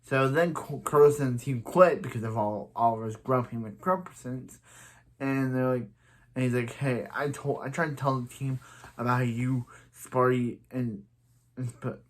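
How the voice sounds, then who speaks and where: Rambling man recapping a TV episode. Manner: rambling, many restarts, quotes characters in a higher voice. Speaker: show reviewer.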